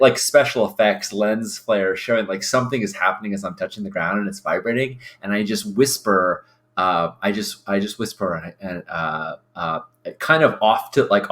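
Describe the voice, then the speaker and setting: A woman playing a tabletop game, explaining her move slowly with many fillers and pauses. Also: extremely low pitch, a bit bright. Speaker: player.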